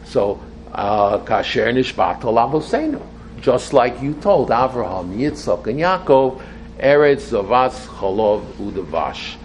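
An older man giving an informal Torah class to a small group. He talks in an excitable, rambling way and mixes Hebrew phrases into his English. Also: mid-range voice, a little slow, a little hiss or hum. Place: room with a small audience.

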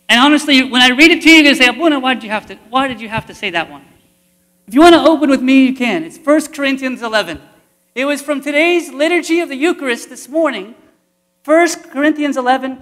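High-voiced priest preaching in a reverberant church. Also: male voice, sharp tone. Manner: earnest, conversational preaching with repetition. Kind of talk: sermon.

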